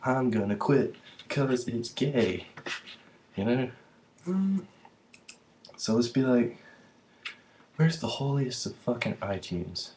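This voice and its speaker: A man's voice: medium pitch, slow pace, long pauses, a little mellow, a little hiss or hum. A man vlogging in a rambling, profane, slangy way. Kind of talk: rambling casual monologue to camera.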